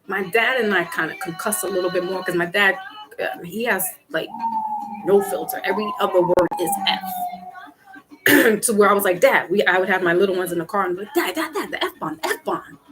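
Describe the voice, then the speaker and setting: A middle-aged woman with a medium-pitched voice hosts a casual livestream chat with live viewers, speaking briskly. She laughs often and acts out quotes in her stories, over background music in a rough recording.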